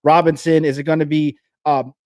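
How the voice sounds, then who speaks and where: A man with a New Jersey accent hosting a live fantasy football show, talking fast and energetically with frequent restarts. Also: fairly high pitch, little pitch movement, a little mellow, no echo, clean studio sound.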